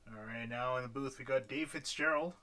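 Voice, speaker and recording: A man's voice: medium pitch, brisk, bright, forceful tone. A man interviewing drivers after an online race, upbeat, with many fillers and laughs at his own slips.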